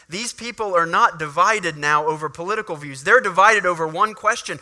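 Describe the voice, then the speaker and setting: A male preacher delivers an animated sermon, reading verses and breaking into little acted moments. His voice is very bright and slightly high-pitched, with a lively, engaging delivery. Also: brisk, hardly any pauses. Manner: animated, acts out scenes.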